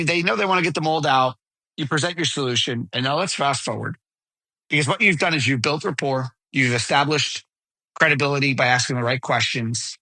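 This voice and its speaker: A man hosting a podcast, giving direct, energetic sales coaching and acting out customer conversations while walking outdoors. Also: mid-range voice, no echo, poor audio. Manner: role-plays sales dialogue, energetic and direct. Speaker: podcast host. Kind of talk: solo sales coaching talk.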